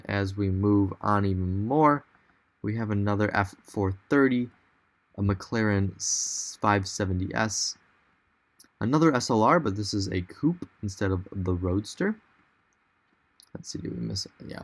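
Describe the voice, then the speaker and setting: A young man with a fairly low voice talks through a virtual walk-around as a voice-over. He sounds keen and loose, thinking aloud and correcting himself as he goes. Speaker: car vlogger. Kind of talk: casual tour narration.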